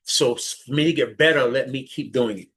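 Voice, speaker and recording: A man giving a motivational teaching talk as a leadership mentor, animated and often restarting his phrases. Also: brisk, slightly rough. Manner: animated, restarts phrases often, jumps high when imitating others.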